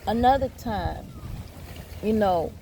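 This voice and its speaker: A woman's voice: medium pitch, lively intonation, slow, warm tone, slight background noise. A woman vlogger telling her own story and giving advice to viewers. She talks bluntly and candidly, swears freely, and keeps turning to her audience.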